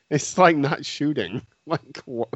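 A man's voice: a little high, fairly bright tone, breathy edge, no room sound, dull audio. A man co-hosting a podcast, chatting casually through a movie commentary over a remote call, joking and laughing often. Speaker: podcast co-host. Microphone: remote call, audio cuts out.

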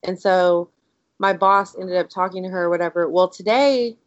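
A woman co-hosting a podcast, telling a story in a casual, animated way and saying "like" a lot. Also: lowish voice, moderate pace, dry recording. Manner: animated, excitable storyteller, heavy use of "like". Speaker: podcast co-host. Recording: dry, dull lo-fi audio.

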